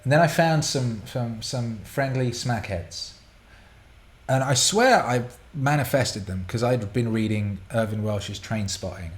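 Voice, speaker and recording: A man's voice: mid-range voice, unhurried. A man hosting a show, answering listener questions in a casual, rambling way, swearing freely and restarting his sentences often.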